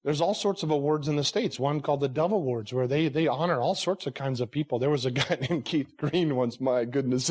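A man's voice: on the high side, a little mellow. A male pastor delivering a sermon, earnest and conversational, pressing his listeners with rhetorical questions. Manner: conversational asides.

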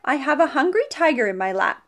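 A woman voicing a cheerful, literal-minded young housekeeper in a storybook read-aloud, bright and earnest. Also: high voice, big pitch swings, a little fast, voice pushed up, heavily acted.

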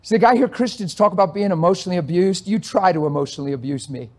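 A male pastor in full sermon flow, his voice sitting fairly high for a man. He pleads and presses the congregation with quick rhetorical questions, dropping to a near hush and then climbing back to a loud, urgent pitch. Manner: impassioned, swings between hushed and loud; asks rapid rhetorical questions.

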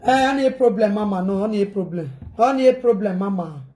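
A woman with a Nigerian accent speaks straight to her viewers in a loose, rambling rant, circling back over the same phrases again and again. Her voice sits at an ordinary middle pitch, and she slips pidgin expressions into her talk. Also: brisk, mellow.

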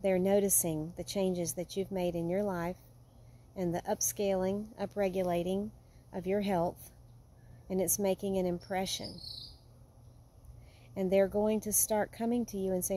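A woman vlogging at home, talking in an earnest, heartfelt way that sometimes drifts soft and quiet. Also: medium pitch, little pitch movement, a little slow, long pauses. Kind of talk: casual vlog monologue. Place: home with a yard.

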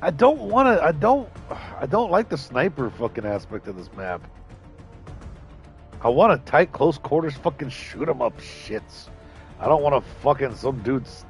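A man's voice: a little high, sing-song, measured pace, soft background music. A man streaming a shooter game live, cursing and trash-talking his opponents. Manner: profane trash talk, shouts at enemies. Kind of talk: live gameplay commentary.

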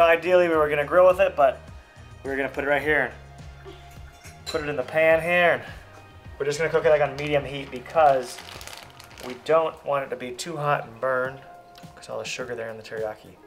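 A man's voice: fairly high pitch, fairly even intonation, fairly quick, fairly bright tone, soft background music. A man hosting a casual home cooking vlog, chatting easily and explaining each step as he cooks. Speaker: family fishing channel host. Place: home kitchen.

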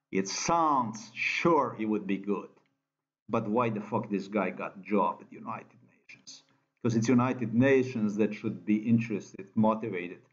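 Ranting Slovenian-accented man, lo-fi. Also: on the low side. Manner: ranting, profane, repetitive non-native phrasing. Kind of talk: angry monologue. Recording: dull lo-fi sound.

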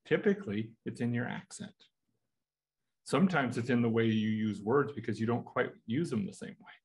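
A man's voice: medium pitch, moderate pace, creaky, slightly rough. An American man teaching a Bible study in a conversational way, asking his listeners rhetorical questions. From United States.

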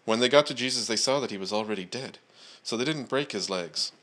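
A man preaching at a church service, praying and then reading scripture aloud in a measured way, with frequent "uh" and "um" fillers. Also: mid-range voice, fairly bright tone.

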